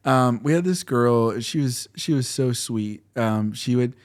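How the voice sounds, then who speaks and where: A young man, a guest on a podcast, telling classroom stories in a laid-back, unhurried manner. He uses plenty of filler words. His voice is at a middle pitch for a man. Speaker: podcast guest, singer-songwriter. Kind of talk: casual storytelling chat.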